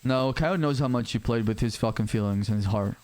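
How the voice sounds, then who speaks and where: A man playing a character in an online roleplay game, arguing his point in a rapid, insistent way and repeating words when pushed. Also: medium pitch, crowd noise. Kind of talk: heated in-character argument.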